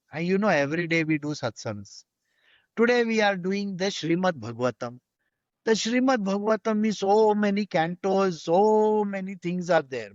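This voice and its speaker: A woman's voice: lowish voice, dry recording. A woman, a spiritual teacher explaining her teaching earnestly in a conversation. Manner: earnest, explanatory, with Sanskrit terms and frequent "you know". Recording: dry, slightly dull sound.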